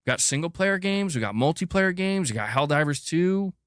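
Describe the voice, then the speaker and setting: A man's voice: fairly high pitch, animated, normal speed, a bit bright, smooth, no echo, clean studio sound. A man ranting emphatically in video commentary, repeating himself in exasperation. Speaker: commentator in a played clip.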